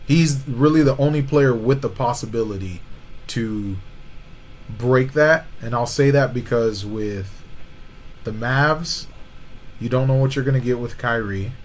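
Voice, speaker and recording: A man's voice: mid-range voice, measured pace, slight background noise, rough recording. Slangy man debating basketball. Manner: slangy, repeats "you know what I'm saying". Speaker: podcast co-host. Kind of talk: casual sports debate.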